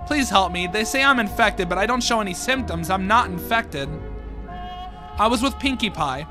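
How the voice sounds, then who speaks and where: A man's voice: high-pitched, animated, moderate pace. A man reading as a frightened pleading pony girl. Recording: music playing underneath.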